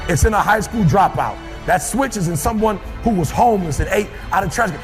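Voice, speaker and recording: A man with a high voice delivers a fiery, preacher-like motivational speech. He hammers the same phrases again and again, surging to shouts and dropping to an intense hush. Faint music plays behind him. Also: expressive, a little fast. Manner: preacher-like, repetitive, swings between shouting and hushed intensity. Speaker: motivational speaker addressing a football team.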